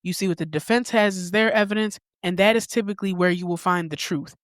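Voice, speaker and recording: A woman podcast host speaks in at a middle pitch, blunt and candid with casual swearing. The sound is dry and close, with no room echo. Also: fast. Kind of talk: opinionated commentary.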